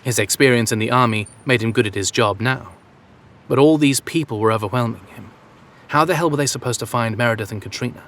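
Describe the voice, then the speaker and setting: A man reading a story aloud in a steady, measured narration. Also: mid-range voice. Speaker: audiobook narrator. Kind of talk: scripted narration.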